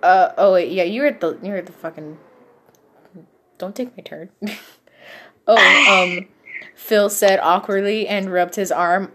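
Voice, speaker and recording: A woman's voice: medium pitch, normal speed, pauses often, fairly bright tone. Playful woman reading fanfic for laughs. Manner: playful, laughing, swears freely. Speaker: podcast co-host reading fanfic. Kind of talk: casual comedic reading.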